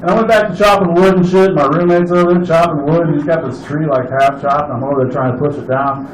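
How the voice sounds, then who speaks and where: A man's voice: a little high, steady tone, fast talker, reverberant, low-quality recording. A man doing open mic stand-up, telling a rambling, profane camping story. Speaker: stand-up comedian.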